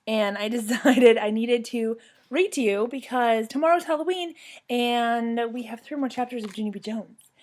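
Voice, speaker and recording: A young woman reading a children's book aloud at home on her couch, telling the story to a former student with lively expression. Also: fairly high pitch, moderate pace.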